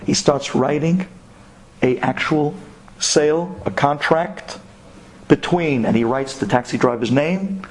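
A man telling a religious story to an audience of women, animated and dramatic, mixing in Hebrew terms. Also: on the high side, a little slow. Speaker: speaker.

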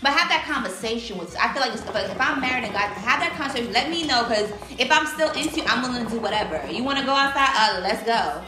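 Female guest, emphatic and direct, quick high delivery, roomy sound. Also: lively intonation. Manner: forthright, emphatic. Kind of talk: casual chat.

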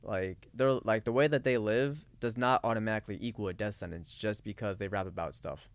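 A man's voice: lowish voice, brisk, dry recording. A man co-hosting a casual podcast discussion, talking in rambling runs full of fillers and restarts. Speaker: podcast co-host.

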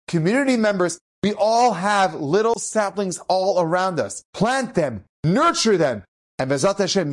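A man, a rabbi and educator, telling an inspirational story with lively delivery and acted-out characters. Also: fairly high pitch. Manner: animated, acts out the characters.

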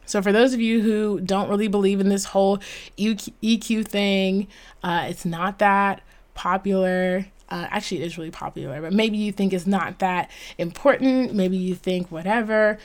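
An earnest woman hosts her own podcast and talks through a motivational topic alone. Her voice sits at a middling pitch, and she leans hard on key points, with an occasional self-aware laugh. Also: steady tone, moderate pace, darkish tone. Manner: earnest, emphatic, laughs at herself. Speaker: podcast host. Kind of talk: solo motivational talk.

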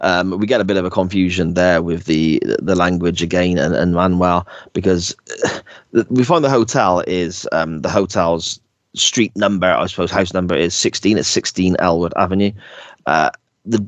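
Host, male, very low voice, dry close sound, rambling casual chat. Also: normal speed, no echo, highs cut off. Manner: rambling, retells scenes with hesitant restarts. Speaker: podcast host.

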